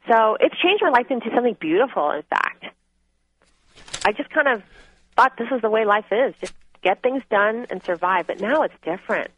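A woman's voice: on the high side, expressive, moderate pace. A woman guest author telling her own story earnestly and candidly in a phone interview. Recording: tinny phone line.

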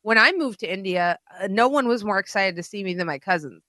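A woman's voice: mid-range voice, expressive, brisk, pushed and bright, no echo. A woman co-hosting a casual podcast chat, talking bluntly and with animation, swearing freely and dropping in Hindi-Urdu words. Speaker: podcast co-host.

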